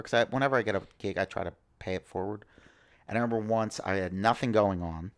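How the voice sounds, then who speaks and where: A man's voice: on the low side, fast. A man in his thirties chatting on a podcast, telling stories and acting out the dialogue in them. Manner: storytelling, acts out quoted dialogue. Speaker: comedian guest. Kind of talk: casual podcast chat.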